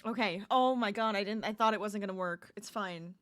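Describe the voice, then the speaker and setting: A crafting livestreamer works on a project live while chatting casually with viewers, greeting them and laughing often. Her mid-range voice is a bit bright and a little fast.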